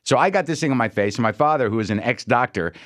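A man hosts a radio show in a loose comic monologue. He rambles wryly and acts out the people he quotes. His voice sits at an ordinary pitch, recorded dry and close in the studio. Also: lively intonation, fast, a bit bright, no room sound.

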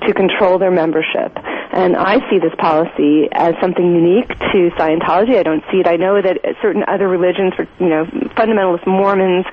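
A woman journalist speaks as a radio guest and explains her reporting earnestly and with emphasis. The sound is dull and lo-fi, with a faint hiss underneath. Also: fairly low pitch. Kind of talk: radio interview.

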